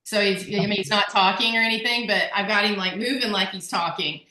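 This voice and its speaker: A chatty woman hosting a group video call, her voice bright and clear. She sounds upbeat, laughs easily, and talks in an echoey room. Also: medium pitch, a little fast. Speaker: workshop host.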